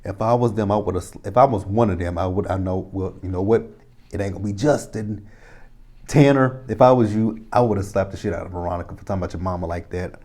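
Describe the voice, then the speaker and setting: A man in his thirties recaps a TV drama episode in a loose, rambling way, full of profanity and exasperated asides. His voice sits low and sounds warm and mellow. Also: quick pace. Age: 30s. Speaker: TV episode reviewer. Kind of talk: casual recap and commentary.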